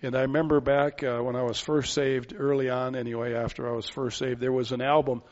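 A man's voice: mid-range voice, level tone, a little fast. An older man giving an expository sermon as a pastor, earnest and thinking aloud, often repeating words as he goes. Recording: dull lo-fi recording.

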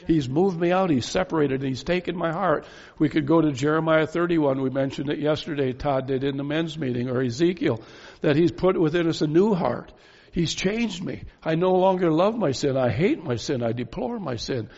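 A man preaching a sermon, pressing his points with emphatic rhetorical questions and slow, stressed phrases. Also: fairly high pitch, creaky, a little mellow. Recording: dull lo-fi sound with long reverb in a hall.

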